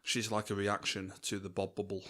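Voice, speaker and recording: A young man co-hosting a podcast, with a low, deep voice. He chats casually and laughs a lot. He slips into quick mock voices for scenes he describes. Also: completely flat delivery, sharp tone. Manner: chatty, laughs often, acts out lines from scenes. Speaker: podcast co-host. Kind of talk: casual chat.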